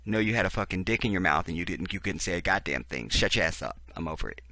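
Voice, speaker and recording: A man's voice: sits low, expressive, quick pace, sharp tone, no room sound. A man hosting a profane, sarcastic political commentary, reading text aloud and breaking in with heated reactions. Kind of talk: ranting video commentary.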